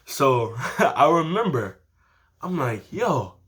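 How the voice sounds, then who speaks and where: A teenage boy casually telling a story time to his channel, animated and slangy, laughing often. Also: fairly high pitch, slow. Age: teens. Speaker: vlogger.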